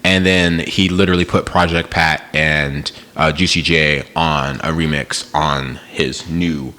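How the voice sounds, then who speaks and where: A man's voice: extremely low pitch, fairly even intonation, a little slow, pushed and bright. A man hosting a podcast, chatting casually about new music in a laid-back, rambling way with plenty of slang and filler. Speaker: podcast host.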